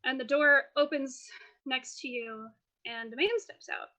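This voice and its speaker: A woman narrating a tabletop game as game master in a lively, playful way. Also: high-pitched, unhurried, muffled recording.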